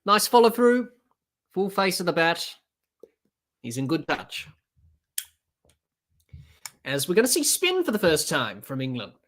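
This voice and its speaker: Man calling cricket, casual and halting. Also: sits high, huge pitch swings, a bit bright. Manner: unscripted, halting with fillers and restarts. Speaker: podcast host doing live match commentary. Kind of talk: casual play-by-play cricket commentary.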